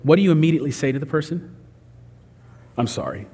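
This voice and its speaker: Husky-voiced man preaching in an echoing hall. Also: on the high side, very fast, dark tone. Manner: conversational preaching, acts out quoted voices. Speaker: pastor. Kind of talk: sermon.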